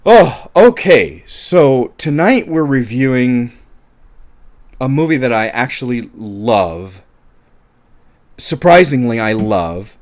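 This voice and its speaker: American guy from california rambling thru a movie review, chatty, medium pitch. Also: expressive, takes it slowly, long pauses. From California, USA. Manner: chatty, rambling, self-deprecating. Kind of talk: casual unedited video review.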